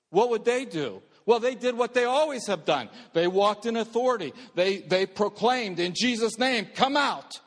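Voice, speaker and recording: A male pastor preaching a sermon, swinging between raised emphatic lines and hushed quiet ones. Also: high-pitched, in a large hall.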